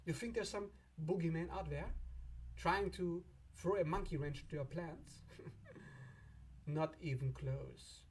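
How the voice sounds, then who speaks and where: A man hosting an astrology video in a casual, animated way, often laughing and acting out imagined back-and-forth voices. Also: high-pitched, normal speed, slight background noise.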